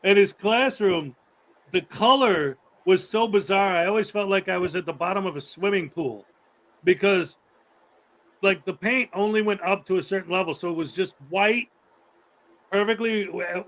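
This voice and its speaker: A man's voice: high voice, fairly bright tone, poor audio. A man hosting a casual chat show, rambling through anecdotes, laughing often and acting out the people in his stories. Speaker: host.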